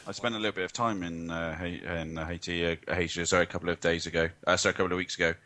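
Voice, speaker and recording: A man's voice: deep voice, steady tone, racing, pushed and bright. A man co-hosting a football fan podcast, giving rambling, opinionated takes in casual chat. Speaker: podcast co-host.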